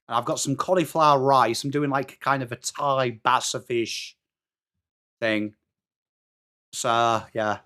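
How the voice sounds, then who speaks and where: A middle-aged Englishman with an English accent hosts a live football watchalong stream, greeting viewers by name, reading their messages and calling the play as it happens. His medium-pitched voice is steady, bright and forceful, and he talks slowly with frequent pauses.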